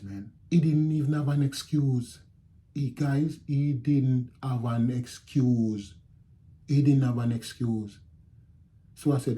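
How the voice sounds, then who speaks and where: A middle-aged Jamaican man telling his viewers a story in a casual, animated way, repeating phrases and acting out what people said. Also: lowish voice, moderate pace. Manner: animated retelling with repeated phrases and quoted speech. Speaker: channel host telling a story.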